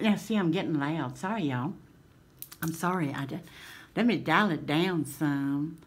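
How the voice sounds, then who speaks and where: A woman's voice: low-pitched, lively intonation, measured pace, slightly rough. A woman with a Southern American accent hosting a casual craft vlog, gushing and laughing often, full of folksy sayings. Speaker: craft channel host.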